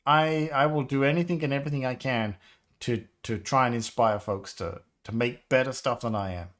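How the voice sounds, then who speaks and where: A man in his fifties chatting casually on a live stream, rambling, nostalgic and quick to laugh. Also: mid-range voice, fairly bright tone. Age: 50s. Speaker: game developer livestreamer.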